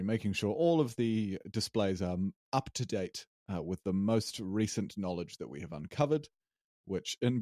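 A man's voice: on the low side, mellow, no room sound, studio quality. A man co-hosting a podcast, chatting casually and rambling with fillers. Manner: rambling, hesitant, with many fillers and laughs. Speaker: podcast co-host and player. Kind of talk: casual chat recapping a tabletop game.

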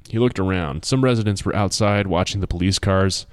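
A man narrating an audiobook in a measured, expressive storytelling manner. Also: low voice, smooth, no echo, clean studio sound.

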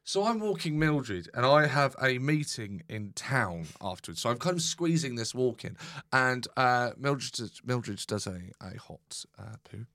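A man who is a podcast guest, telling a rambling anecdote in casual chat, deadpan and swearing freely. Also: medium pitch, unhurried, few pauses. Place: podcast studio.

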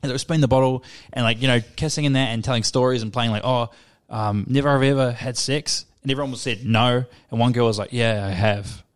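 A man's voice: medium pitch, fairly quick. A man co-hosting a podcast, rambling through crude stories full of slang, swearing and laughter. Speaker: podcast co-host. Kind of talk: casual crude chat.

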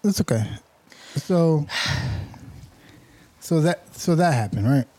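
A man's voice: a little high, lively intonation, slow pace, mellow, dry recording. A man co-hosting a casual podcast chat, rambling and restarting sentences as he explains. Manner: rambling, restarts sentences while explaining, laughs at his own points. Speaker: podcast co-host.

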